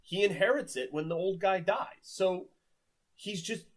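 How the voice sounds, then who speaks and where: A man's voice: high-pitched, a little slow, low-quality recording. A man giving a casual, exasperated book review, sarcastic, swearing often and filling his talk with "like". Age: 30s.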